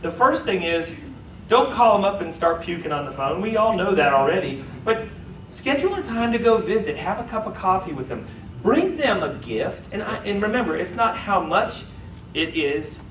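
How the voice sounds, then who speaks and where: A man's voice: high-pitched, moderate pace. Joking man coaching a sales crowd. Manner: lively, joking, keeps checking in with "right?". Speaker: sales trainer. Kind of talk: motivational sales talk to a live audience. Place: meeting room with an audience. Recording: echoey room, voice from far off, faint noise.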